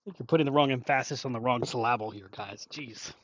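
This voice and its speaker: A man's voice: medium pitch, fast, no room sound. A man co-hosting a wrestling news podcast in casual chat, wry and joking, often mock-offended. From Virginia. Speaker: podcast co-host. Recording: dull lo-fi dry audio.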